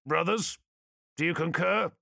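A man's voice: on the high side, unhurried, creaky, bright, forceful tone, voice pushed up, full character voice. A man voicing a stern armored space warrior who gives clipped commands. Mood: commanding.

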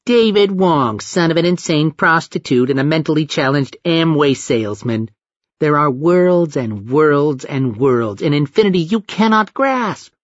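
A man's voice: a little high, animated, measured pace, dry recording. A man voicing a monstrous, cruel alien god that sounds like a toddler and taunts with giggles. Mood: grandiose. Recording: dull dry lo-fi recording.

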